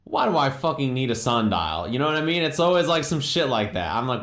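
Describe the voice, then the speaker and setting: A man's voice: medium pitch, sing-song, fast, fairly bright tone. A man live-streaming, chatting casually and profanely, riffing on chat messages and doing mocking impressions. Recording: roomy echo.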